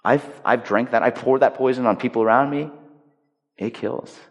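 A man preaches in a mid-range voice, talking to the congregation in a casual, emphatic way. He swings between loud stressed phrases and hushed, quiet points. His voice rings with the long reverb of a big hall. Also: mid-range voice, moderate pace, lo-fi sound. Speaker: pastor. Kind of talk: sermon. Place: large hall.

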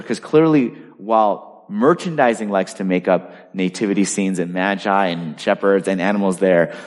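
A man preaching a sermon in a conversational style, full of asides and lively storytelling. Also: fairly low pitch, big-room sound. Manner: animated, conversational, lots of asides. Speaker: pastor.

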